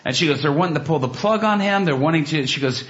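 Animated preacher man, lo-fi recording. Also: on the high side, fast. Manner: animated storytelling, acts out quotes. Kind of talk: sermon with personal story. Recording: dull lo-fi recording.

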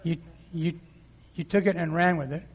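A man's voice: a little high, moderate pace, breathy edge. A man preaching a sermon, reading scripture and calling on the crowd to repeat words back to him. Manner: lively preaching with crowd call-and-response. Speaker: pastor. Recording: muffled hall reverb.

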